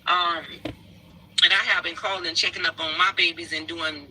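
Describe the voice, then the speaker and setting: A woman's voice: lowish voice, steady tone, moderate pace, crowd noise, low-quality recording. A woman explaining that she checks on her children every day, defensive and rambling with fillers. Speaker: mother talking about her kids.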